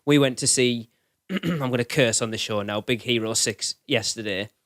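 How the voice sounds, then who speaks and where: Casual chat from a podcast co-host who rambles and corrects himself as he goes, his medium-pitched voice fairly bright and at a normal speed. The studio sound is clean, with no echo.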